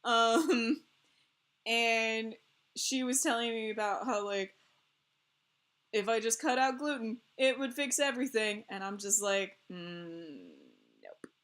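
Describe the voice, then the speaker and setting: A woman chats casually as a co-host on a game stream. Her voice is bright and clear. She rambles in an animated way and laughs often between phrases. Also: fairly high pitch, measured pace, pauses often.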